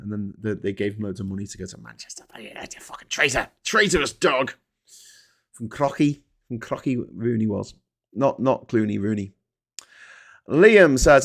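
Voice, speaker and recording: A man from England hosts a casual live chat on his small channel. He rambles through headlines and viewer comments, swears freely, and trips over his own words now and then. His pitch sits mid-range for a man. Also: a little mellow. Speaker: YouTube host.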